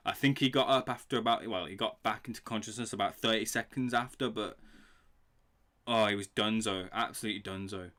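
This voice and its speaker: A young man hosting a live boxing reaction stream, excitable and swearing freely while he talks to his chat. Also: fairly low pitch, fairly quick. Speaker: livestream boxing reaction host.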